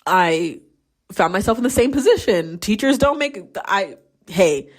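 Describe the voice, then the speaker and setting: A woman's voice: medium pitch, lively intonation, unhurried. Candid young woman telling stories. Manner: candid storytelling, acts out quoted voices; swears freely. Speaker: podcast host; teacher. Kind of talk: casual solo mental health check-in.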